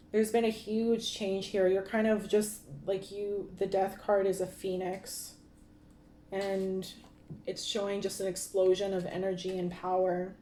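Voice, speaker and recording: A woman's voice: medium pitch, warm tone, slight background noise. Rambling woman reading tarot, echoey room. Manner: rambling, many fillers and restarts. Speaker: tarot reader.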